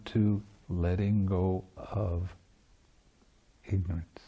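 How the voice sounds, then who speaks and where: Man teaching meditation at a retreat; slow, relaxed and mellow, playful with frequent laughter. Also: mid-range voice, muffled recording. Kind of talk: dharma talk at a retreat. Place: meditation center.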